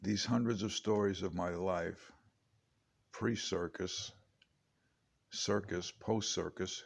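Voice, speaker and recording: A man's voice: low-pitched, steady tone, takes it slowly, gravelly, long pauses, slightly rough. A man in his late fifties reading his own memoir aloud, chatty and digressive with wry asides. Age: 50s. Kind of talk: rambling memoir narration. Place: home.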